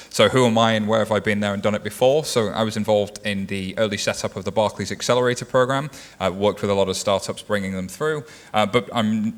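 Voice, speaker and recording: A man's voice: lowish voice, a bit bright. A man in his thirties speaking on a conference panel, explaining things patiently with everyday comparisons. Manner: explanatory, uses everyday analogies.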